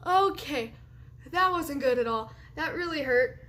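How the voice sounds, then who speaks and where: A woman's voice: sits high, lively intonation, measured pace, a bit bright. A woman in her late teens talking in a casual confessional vlog, rambling and chatty, laughing often between remarks. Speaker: vlogger.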